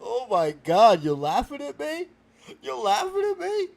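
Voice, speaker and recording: Male performer as a touchy guest with a speech impediment: high, swooping voice, garbled words. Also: sing-song. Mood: indignant. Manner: garbled, mixed-up words, touchy and quick to take offense. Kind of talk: comedic character sketch.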